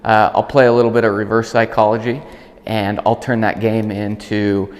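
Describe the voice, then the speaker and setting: A man working as a dog trainer, calmly explaining an outdoor training demonstration and breaking off to call and praise the dog. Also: moderate pace, long reverb tail. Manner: calm explaining, bursts of high praise calls to the dog.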